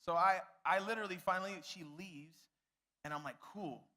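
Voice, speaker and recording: Young guy youth pastor telling a goofy story, kinda high bright voice, talks right to the kids. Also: brisk. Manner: animated, self-mocking, addresses the crowd directly.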